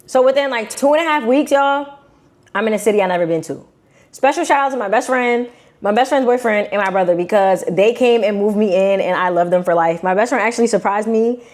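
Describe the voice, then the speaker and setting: A young woman from Brooklyn with a New York accent, telling a personal story to her viewers in a casual, animated, slangy way. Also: mid-range voice, a little fast. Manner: animated, slangy, acts out quotes in shifting voices. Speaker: vlogger.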